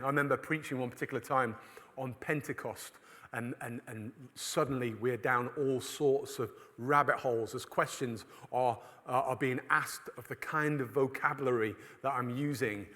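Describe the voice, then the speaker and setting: A man's voice: mid-range voice, sharp tone. A man tells funny church stories from a stage, slipping into the voices of the people in them. His voice sits in a middle range. The sound carries a long reverb from a large church hall. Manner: storytelling, acts out voices of others. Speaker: preacher. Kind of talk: humorous conference talk.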